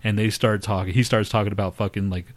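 Lowish-voiced man telling a crude story. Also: steady tone, quick pace. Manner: profane, laughing, mimics others in high voices. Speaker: podcast co-host. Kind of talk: casual storytelling chat.

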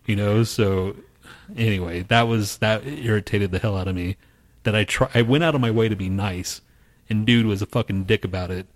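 A man with a lowish voice is co-hosting a casual podcast. He swears constantly and acts out other people's lines as he tells a story. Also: steady tone, moderate pace. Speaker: podcast co-host. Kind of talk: casual profane chat.

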